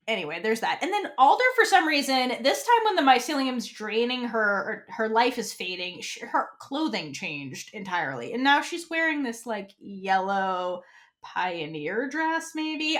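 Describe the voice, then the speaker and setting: A young woman chats through a TV episode recap on her podcast, her voice rising and falling a lot as she acts out characters' lines. She sits a little high for a woman and keeps an easy, unscripted pace. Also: very animated, measured pace, a bit bright. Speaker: podcast co-host. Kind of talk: casual fan recap chat.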